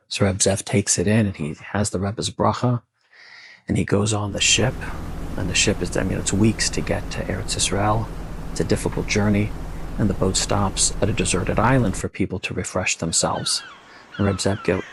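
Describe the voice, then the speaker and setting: A man telling a story in a casual, conversational way with asides, his voice gravelly and husky. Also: sits low, no room sound. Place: bungalow colony.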